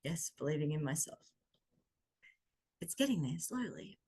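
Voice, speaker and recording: A middle-aged woman with a fairly low voice, talking about self-trust as a coach. Her delivery is gentle and conversational, and she often stops to hunt for the right word. It sounds like an unhurried reflective session. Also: sing-song, slightly rough. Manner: conversational and gentle, searching for words. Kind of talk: reflective talk on intuition.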